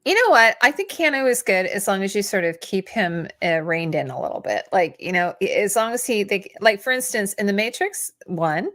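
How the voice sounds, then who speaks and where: A woman's voice: mid-range voice, very animated, moderate pace, few pauses, fairly bright tone. A woman co-hosting a casual livestream chat, talking in a chatty way and often trailing off mid-thought. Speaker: co-host.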